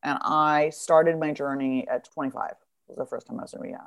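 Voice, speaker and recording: Her voice is low, clear, and resonant, and she talks fairly quickly: a podcast guest in her fifties having a frank conversation. She swears freely, doesn't mince words, and performs different voices while storytelling.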